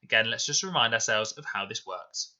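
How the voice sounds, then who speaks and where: A man teaching a recorded spelling lesson to children, explaining slowly and clearly and repeating words with care. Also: fairly low pitch, expressive, sharp tone, lo-fi sound. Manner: slow, clear, deliberate explanations. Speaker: primary school teacher. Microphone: voice-over to slides.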